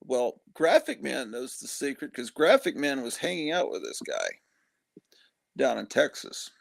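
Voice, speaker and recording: Tired, gravelly, animated middle-aged man. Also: medium pitch, measured pace, no echo. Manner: rambling, joking, self-interrupting. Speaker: host. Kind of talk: casual chat.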